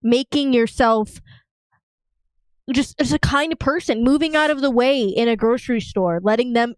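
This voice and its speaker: A woman's voice: fairly high pitch, moderate pace, clean tone, no echo. A woman co-hosting a podcast in casual chat, ranting heatedly and swearing a lot. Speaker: podcast co-host.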